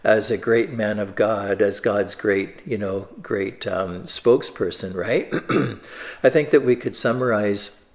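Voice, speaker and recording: A man's voice: fairly low pitch, takes it slowly. Conversational man giving a sermon. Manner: conversational, with fillers and repeated restarts. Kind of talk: discussion-starter sermon, reading scripture.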